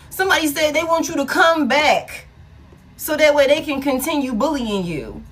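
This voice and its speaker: Her voice sits high and fairly bright as this tarot reader delivers a casual, blunt, foul-mouthed reading. She laughs frequently between remarks and repeats important lines to drive them home.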